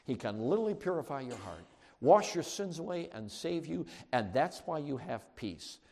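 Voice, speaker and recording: A man preaching a sermon as pastor, shifting from quiet asides to shouted peaks. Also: on the high side, very animated, moderate pace, creaky. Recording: long hall reverb.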